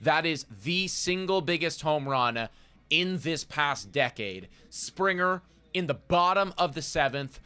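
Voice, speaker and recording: Male co-host, earnest sports talker full of fillers; smooth, forceful tone. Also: a little high, expressive, unhurried. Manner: earnest, repeats stock phrases, many fillers. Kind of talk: casual sports chat.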